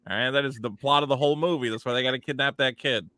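A man's voice: mid-range voice, racing, pushed and bright, no echo, clean studio sound. A man hosting a casual podcast chat, sarcastic and joking, putting on mock voices when quoting people. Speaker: podcast host.

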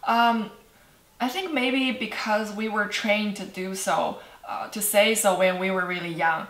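A woman from China with a Chinese accent, teaching a cheerful online language lesson, laughing often and repeating words slowly for practice. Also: mid-range voice, fairly bright tone, reverberant. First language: Mandarin Chinese.

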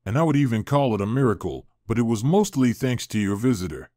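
Man voicing a formal, pleased doctor, mid-low voice, dry read. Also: very animated, fast, mellow, no echo, lightly acted. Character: upbeat hospital doctor.

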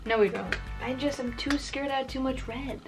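A woman's voice: high-pitched, normal speed, far from the mic, low-quality recording. Young female YouTuber, rambling self-mocking chatter, faint music underneath. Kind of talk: casual chat while painting.

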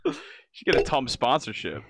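A man's voice: mid-range voice, huge pitch swings, moderate pace, fairly bright tone, no echo. A man hosting a casual podcast interview, asking easygoing questions and laughing often. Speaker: podcast host.

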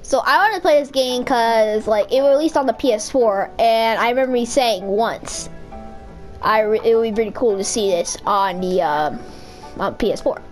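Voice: medium pitch, normal speed, faint music behind, low-quality recording. A young let's-play gamer chatting casually over gameplay, rambling, giggling and correcting themselves.

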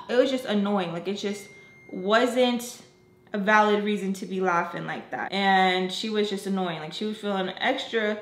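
A woman's voice: mid-range voice, normal speed, a bit bright. A young woman vlogger telling a casual story, frank and profane, with lots of fillers. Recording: roomy echo.

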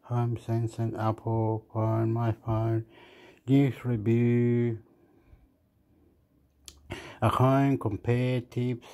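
A man from Australia who talks slowly and haltingly, thinking out loud as he goes. He wanders between thoughts, chuckles at himself, and keeps circling back on what he means to say. His voice sits at a middling pitch. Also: monotone. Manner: rambling, thinking aloud, self-deprecating. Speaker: vlogger. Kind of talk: casual phone review.

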